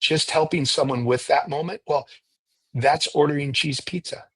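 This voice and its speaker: Man, priest, husky, dry close sound, conversational teaching, animated storyteller. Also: on the high side, normal speed, dry recording, poor audio. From United States. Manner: animated storyteller, often ends points with "right?". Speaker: priest and retreat leader.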